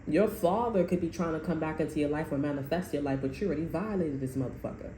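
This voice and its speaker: Deep, mellow, and fast-talking, a female tarot reader works through a casual reading, blunt, profane, and prone to rambling repetition. Her audio carries a roomy echo and faint noise.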